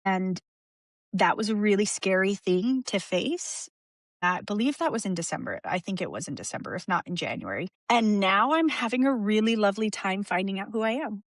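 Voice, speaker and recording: A woman talks openly as a guest on a podcast. She is emotional and frank, circling back and restarting her thoughts with small laughs. Her voice sits at an ordinary pitch in a dry, close recording. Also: lively intonation, normal speed, no room sound. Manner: open and emotional, rambling with restarts and soft laughs. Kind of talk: candid conversational interview.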